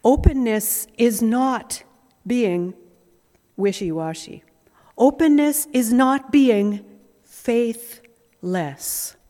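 A woman pastor delivering a sermon in a measured way, pausing often and repeating key phrases. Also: fairly high pitch, expressive, dark tone. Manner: measured, with frequent pauses and repetition. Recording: reverberant hall.

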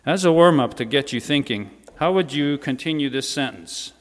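A man's voice: fairly high pitch, animated, normal speed. A man giving a sermon in a church, speaking in a conversational way with informal asides. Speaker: preacher. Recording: reverberant church hall.

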